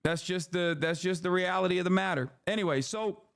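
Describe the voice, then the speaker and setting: A man's voice: sits high, fairly quick, gravelly, a bit bright, clear, resonant tone, no room sound, clean studio sound. A man in his thirties from the United States, commenting on politics on a live stream in a profane, sarcastic way and mocking people with impressions.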